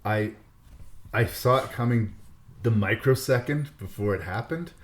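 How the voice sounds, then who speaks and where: A man talking films on a podcast in a relaxed, dry, casual way, with an easy curse here and there. His voice sits on the low side. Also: unhurried. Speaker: podcast co-host reviewing films. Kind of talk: casual film review chat.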